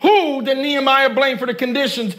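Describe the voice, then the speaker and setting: Speaking a little fast, a man with a very high, bright, forceful voice preaches to a church congregation. He reads from scripture, stops to comment, and repeatedly asks questions for the people to answer.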